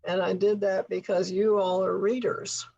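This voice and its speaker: A woman leading a tutor training workshop, explaining things patiently with occasional soft laughs. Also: mid-range voice, flat delivery, moderate pace, vocal fry, slightly rough, highs cut off. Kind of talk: workshop instruction.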